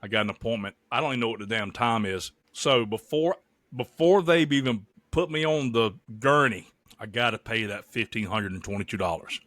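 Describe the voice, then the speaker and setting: A man's voice: mid-range voice, a little fast, dry recording. A man co-hosting a podcast, rambling through stories with jokes and cursing. His voice sits in a middle range, recorded close and dry with no room sound. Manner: joking and profane, animated storytelling. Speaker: podcast co-host. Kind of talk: casual chat.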